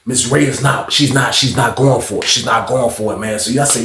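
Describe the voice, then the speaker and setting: A man's voice: medium pitch, expressive, brisk, vocal fry, few pauses, bright, forceful tone, slight background noise. A young man casually telling a personal story in a laid-back, slangy way, often repeating himself. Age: young adult. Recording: roomy echo.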